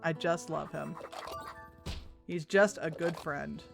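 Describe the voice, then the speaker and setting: A woman's voice: sits low, steady tone, takes it slowly, gravelly, music in the background. A woman streaming a game, chatting casually and reading the characters' lines aloud in put-on voices. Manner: chatty, laughs often, puts on voices for characters.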